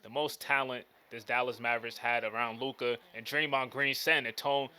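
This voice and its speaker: A man's voice: medium pitch, steady tone, a little fast, bright, forceful tone, clear, resonant tone. A man giving casual, slangy play-by-play commentary over a basketball video game. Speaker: gaming commentator.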